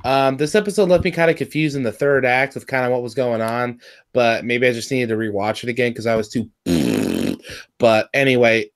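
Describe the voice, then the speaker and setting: A man talking in a loose, casual chat at a middling pitch, rambling and excitable. He swears freely and keeps restarting his sentences as his thoughts jump ahead. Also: clear, resonant tone. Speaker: podcast host reviewing cartoon episodes.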